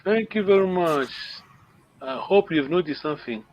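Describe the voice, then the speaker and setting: Man, high voice, patient language teacher, muffled lo-fi call audio. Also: lively intonation, normal speed, slight background noise. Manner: patient, checks understanding with repeated "yes?". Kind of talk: online language lesson.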